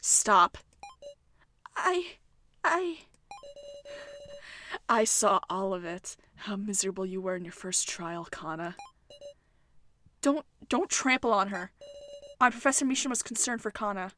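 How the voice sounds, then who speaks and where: A woman's voice: medium pitch, expressive, a little slow, long pauses, sharp tone, faint music behind. A woman voicing an earnest young man in a game, speaking firmly and pleading. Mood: stern. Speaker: game character.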